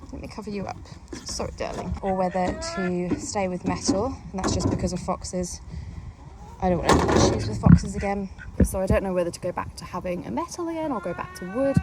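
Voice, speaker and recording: A woman's voice: medium pitch, heavy background noise. A British woman vlogging in her back garden, chatting and rambling as she explains her chores, recorded on a phone she holds while working. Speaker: vlogger and backyard poultry keeper. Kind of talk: casual chatty vlog. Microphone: phone held while working.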